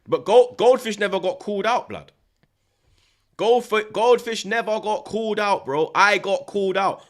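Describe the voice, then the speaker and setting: A man, a football streamer talking in a loud, swaggering rant full of repeated slang tags. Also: sits high, very animated, moderate pace. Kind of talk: casual boastful rant.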